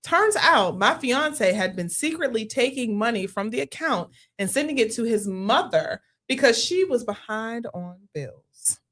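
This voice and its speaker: Animated woman reading a listener letter. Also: fairly high pitch, a little slow, hardly any pauses. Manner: animated, laughs often, reads letter aloud. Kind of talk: casual chat.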